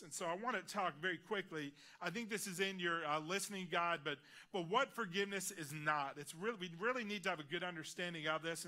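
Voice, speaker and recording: A man preaching a sermon in a church, earnest and personal, dropping his voice quietly on key lines. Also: on the high side. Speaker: guest preacher. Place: large church auditorium.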